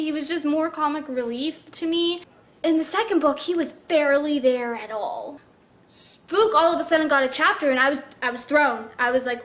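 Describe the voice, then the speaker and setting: A woman's voice: high voice, fairly bright tone. A woman reviewing a book in a casual vlog, gushing and chatty with lots of "like" fillers.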